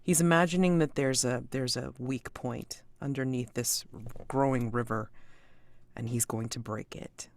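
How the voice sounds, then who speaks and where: A man's voice: medium pitch, steady tone, unhurried. A man playing in a tabletop game who describes his character's actions hesitantly, searching for words. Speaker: player.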